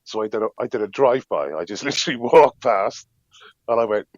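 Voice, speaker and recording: A caller, a man with a fairly low voice, chats in a halting way with restarts and quick chuckles. His audio comes through dull and lo-fi, but it is dry and close. The overall sound is a muffled call line. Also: lively intonation, a little mellow, no echo. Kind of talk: casual chat.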